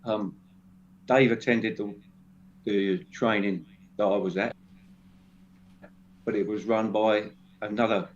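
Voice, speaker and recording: A man speaking as a guest in a casual discussion, halting and restarting often. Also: fairly low pitch, fairly even intonation. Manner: halting, many restarts and fillers. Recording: dull lo-fi sound with faint noise.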